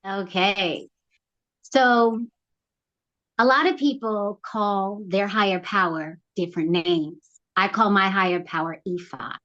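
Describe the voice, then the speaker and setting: In a lo-fi recording, a middle-aged program founder recounts her life as an interview guest at a slow pace. Her delivery is lively, and she performs quotes with sharp leaps in pitch.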